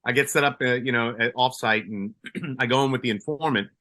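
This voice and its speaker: A man's voice: medium pitch, fairly quick, pushed and bright. A retired police sergeant from Colombia, a man, telling a story in a casual interview, with many restarts and fillers.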